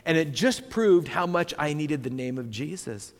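A man preaching a sermon as pastor, telling stories in a conversational way and reading scripture slowly. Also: a little high, lively intonation. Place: church sanctuary. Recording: long hall reverb.

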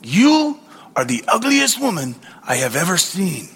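A man's voice: high voice, huge pitch swings, a little slow, vocal fry, fairly bright tone, husky, heavily acted. A man voicing a rude male pet-shop parrot who bluntly repeats an insult. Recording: long hall reverb.

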